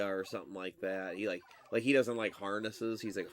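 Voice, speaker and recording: A low-pitched man talks casually over his gameplay, drifting through a story with plenty of fillers and restarts. Faint music sits underneath the talk. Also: steady tone, normal speed, hardly any pauses. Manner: rambling, loose storytelling with many fillers. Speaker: gaming streamer. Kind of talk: casual chat while playing a game.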